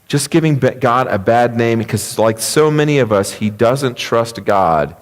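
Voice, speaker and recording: A man's voice: mid-range voice, expressive, a little slow. Man preaching in a reverberant church. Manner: storytelling, emphatic, conversational. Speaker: pastor. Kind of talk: sermon. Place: church sanctuary. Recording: long reverb of a church hall.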